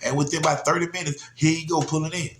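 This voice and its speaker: A Georgia man with a drawl and a voice a bit high for a man tells a casual story at a quick pace, animated and easygoing. He keeps checking in with his listener, repeating "you know what I'm saying." The room echoes noticeably, and there's noise in the background.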